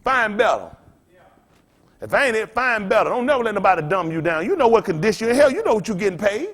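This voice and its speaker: A man's voice: sits high, very animated, very fast. A man preaching to his congregation in a blunt, profane, rambling style, trading call-and-response with the room. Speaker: pastor.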